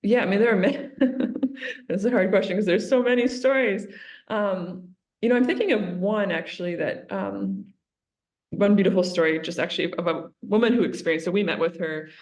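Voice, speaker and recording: A woman, a religious sister, talking earnestly in an interview and retelling a story with lively quotes. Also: mid-range voice, normal speed.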